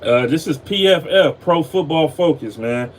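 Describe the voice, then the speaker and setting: A man's voice: a little high, expressive, moderate pace. A man hosting a casual football talk show, laid-back and tired, loose and profane, with a faint air conditioning hum behind him. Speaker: sports podcast host.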